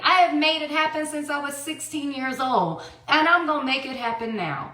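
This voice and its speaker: A woman's voice: high voice, lively intonation, normal speed, few pauses, pushed and bright. A woman in her thirties telling her own story in a heated, profane monologue full of rhetorical questions. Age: 30s. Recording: roomy echo.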